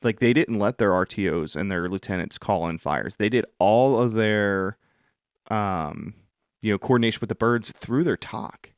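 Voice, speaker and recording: A blunt, animated man hosts the show in a low voice. He swears freely. The sound is dry and close. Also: moderate pace, clean tone, no echo. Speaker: podcast host, army veteran. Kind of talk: casual conversation.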